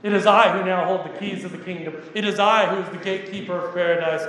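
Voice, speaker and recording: A man's voice: high-pitched, steady tone, a bit bright, slight background noise. Lucifer, a man reading a grand fallen angel. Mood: proclaiming. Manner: grand, slow proclamation. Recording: echoey church hall with reverb.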